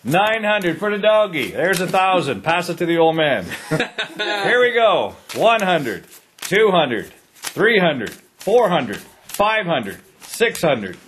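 A man's voice: sits high, big pitch swings, slow pace, a bit bright, a little hiss or hum. A man hosting a morning radio giveaway on location in a listener's home, teasing people and counting out cash in a joking way. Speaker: radio morning show host.

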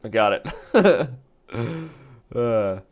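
A man's voice: fairly low pitch, big pitch swings, very slow, slight background noise. A man hosting a live chess stream, commentating his games with playful, joking banter.

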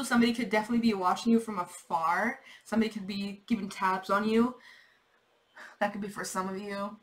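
A woman's voice: medium pitch, a bit bright, low-quality recording. A young woman giving a casual, rambling tarot reading, repeating herself, swearing and laughing. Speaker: tarot reader.

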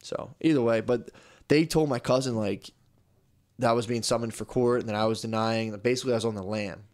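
A man's voice: mid-range voice, fairly even intonation, fairly quick, a little mellow. A young man co-hosting a casual podcast, telling a long story with lots of swearing and playing out both sides of phone calls. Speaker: podcast co-host. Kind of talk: casual chat.

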